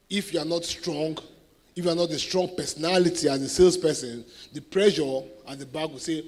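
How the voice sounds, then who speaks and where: Animated Nigerian man rallying a crowd. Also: on the high side, moderate pace. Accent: Nigerian English. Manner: animated storyteller who keeps asking the audience if they follow. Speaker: guest speaker at a sales event. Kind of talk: motivational talk to an audience.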